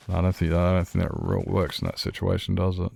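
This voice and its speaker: A man's voice: sits low, creaky, a little mellow, breathy edge. A man streaming a game, chatting loosely and laughing at himself. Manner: rambling, laughs often, self-mocking. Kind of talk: casual gaming stream chat.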